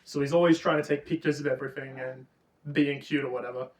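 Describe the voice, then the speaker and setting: A man co-hosting a casual book review chat, retelling the plot with lots of swearing and animated energy. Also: medium pitch, quick pace. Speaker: podcast co-host. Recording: roomy, distant mic.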